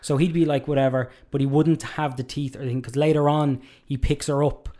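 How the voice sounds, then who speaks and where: A man's voice: fairly high pitch, brisk. A man, a father of a young child, chatting casually and thoughtfully about a movie, now and then acting out a quote. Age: young adult or 30s, a father of a two-year-old. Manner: relaxed, reflective, acts out quotes now and then. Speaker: podcast co-host.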